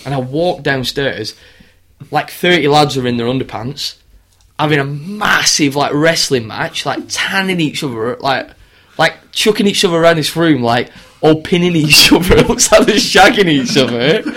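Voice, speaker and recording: A man's voice: a little high, lively intonation, normal speed, a bit bright. A young man in casual chat, rambling through sweary tour stories and laughing as he goes. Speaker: touring band musician telling stories. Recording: crowd noise behind.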